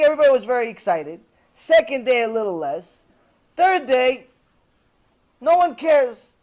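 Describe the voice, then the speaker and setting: A poor, self-doubting man of forty who pleads and complains, as a man puts him on. His voice sits high. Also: a little mellow.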